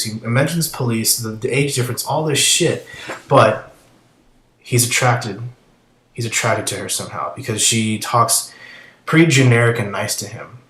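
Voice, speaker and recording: A man's voice: mid-range voice, a bit bright, roomy sound, slight background noise, low-quality recording. A man giving casual commentary as he reads through chat logs, blunt and swearing, often trailing off mid-thought.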